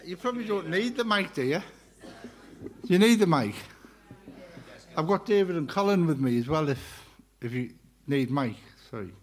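Fast-talking man preaching. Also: fairly high pitch, expressive. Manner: chatty and joking, talks fast. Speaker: guest preacher. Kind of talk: sermon-style personal testimony. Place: church carol service before a live congregation. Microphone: handheld microphone.

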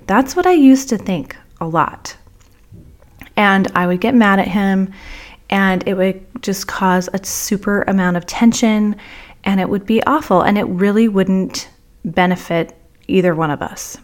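A woman podcast host telling a personal story in a monologue, animated and acting out the dialogue she recalls. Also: mid-range voice, unhurried. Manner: animated, acts out quoted dialogue.

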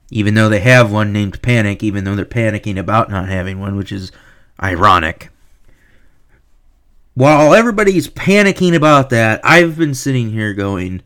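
A man giving a heated, profane rant as a hockey video reviewer, swinging between low mutters and loud sarcastic outbursts. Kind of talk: ranting commentary.

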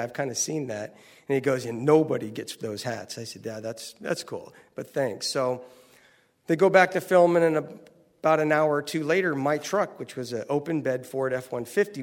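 Folksy man telling a story. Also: fairly high pitch. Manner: folksy, animated, acts out quoted voices. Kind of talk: personal anecdote told to an audience.

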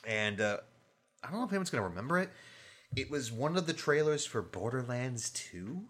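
Animated young man, lively pitch. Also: moderate pace, breathy edge. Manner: animated, breaks into loud laughs and shouted bits. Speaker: podcast co-host. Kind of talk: casual chat about game trailers.

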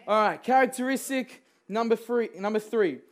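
Casual storytelling preacher. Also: male voice, high-pitched, normal speed. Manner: conversational storytelling with frequent laughs and fillers. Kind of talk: sermon.

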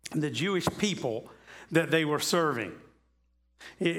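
A man's voice: on the high side, a bit bright. A man preaching a conversational sermon, talking casually, repeating himself and asking the congregation rhetorical questions. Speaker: pastor. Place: church sanctuary.

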